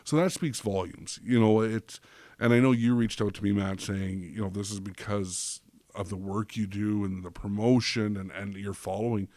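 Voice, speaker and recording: A man's voice: fairly low pitch, steady tone, moderate pace, darkish tone, dry recording. A man telling stories as a podcast guest, chatty, with many fillers and restarts. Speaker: guest, drag performer. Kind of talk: casual podcast chat.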